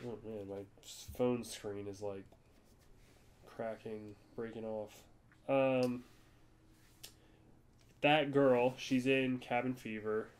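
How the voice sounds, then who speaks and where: Dude on a podcast rambling through a story, mid pitch, chill chat vibe. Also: male voice, fairly even intonation, slow, long pauses, slight background noise. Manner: rambling storyteller, jumps to high-pitched voices for quoted people. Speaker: podcast co-host. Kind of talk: casual chat.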